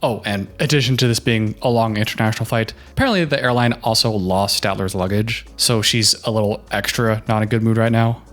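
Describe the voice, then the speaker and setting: A man's voice: on the low side, fairly even intonation, a little fast, few pauses, a bit bright, faint music behind. A man doing casual reaction commentary, chatty and opinionated, giving relationship advice.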